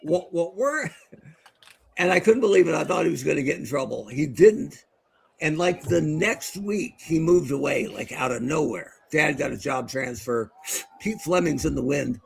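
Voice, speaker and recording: A middle-aged man co-hosts a podcast in a slightly high, creaky voice with a breathy edge, speaking at a moderate pace. He's an animated storyteller in casual chat, calling a game and laughing plenty.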